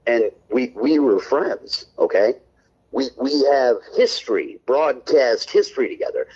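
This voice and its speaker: A man's voice: mid-range voice, lively intonation, unhurried, darkish tone, breathy edge, dull audio. A man co-hosting a call-in stream show, ranting on air in a brash, defensive and profane way. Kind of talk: heated on-air rant.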